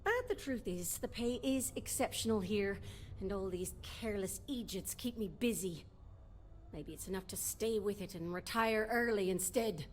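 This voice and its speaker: A woman's voice: medium pitch, moderate pace, close to an everyday voice. A woman voicing a weary female doctor in a video game, with a blunt, exasperated, ranting manner.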